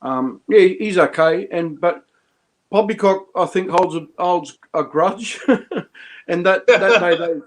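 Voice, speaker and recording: A man talking casually as a stream guest, voice sitting a little high. He rambles, restarts his sentences and chuckles as he goes. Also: unhurried. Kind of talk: casual chat.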